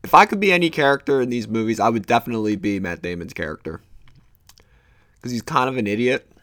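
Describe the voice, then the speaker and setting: A man's voice: medium pitch, expressive, fast, a bit bright, dry recording, clean studio sound. A young man hosting his own podcast, rambling casually with many fillers and loose, meandering thoughts. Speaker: podcast host.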